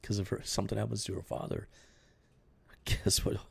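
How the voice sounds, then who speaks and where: A man hosting his own channel, giving casual spoken commentary in an earnest, halting way that keeps repeating and restarting phrases. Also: on the low side, flat delivery, vocal fry, breathy edge. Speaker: channel host commenting on a news story.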